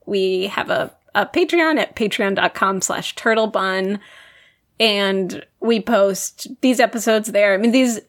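A woman's voice: mid-range voice, a little slow. A woman co-hosting a podcast in casual chat, talking in a chatty way with lots of "like" fillers. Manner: chatty, frequent "like" fillers and laughs. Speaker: podcast co-host.

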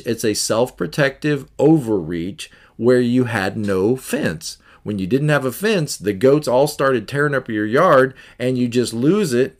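A man hosting a self-help podcast, teaching in an earnest, conversational way that often repeats itself. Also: mid-range voice. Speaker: podcast host.

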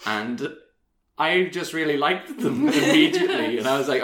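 A man's voice: on the high side, animated, moderate pace, fairly bright tone. A man rambling through a game story in casual podcast chat, with many fillers. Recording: roomy echo.

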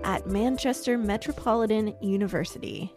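A woman co-hosting a science podcast for kids, explaining things in a clear, upbeat way. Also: mid-range voice, moderate pace, a little mellow, soft background music. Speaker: co-host.

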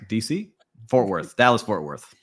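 A man's voice: lowish voice, sing-song, normal speed, a bit bright. A man co-hosting a hospitality podcast, telling stories in an easygoing, casual way. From Miami, USA. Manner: easygoing, storytelling. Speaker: podcast co-host. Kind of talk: casual chat.

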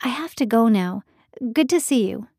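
Woman doing a weary young woman, gentle and reserved, short polite replies, dry studio sound. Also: fairly high pitch, expressive, moderate pace, vocal fry, dry recording. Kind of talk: audiobook character voice.

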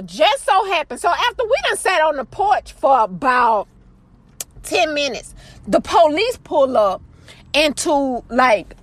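A woman telling a story about her family to viewers in a chatty, dramatic way, jumping between loud exclaims and low asides and calling out to the audience. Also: no room sound. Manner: chatty, addresses the audience directly with "girl" and "y'all". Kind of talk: casual storytelling to camera.

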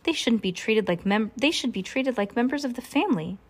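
Woman voicing a timid kind man, soft, gentle, apologetic, storybook reading. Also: fairly high pitch, expressive, fairly quick, a little hiss or hum, pitched above the performer's own voice.

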